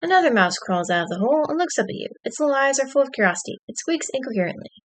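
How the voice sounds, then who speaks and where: A woman's voice: sits high, big pitch swings, rapid-fire, few pauses. A woman streamer reading an interactive story aloud, dropping wry, dry asides between passages.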